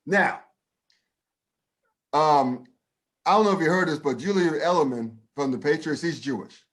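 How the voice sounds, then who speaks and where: At a normal speed and fairly high pitch, an American co-host chats casually on a podcast, airing blunt opinions. He curses a lot, speaks with emphasis, and often restarts his sentences.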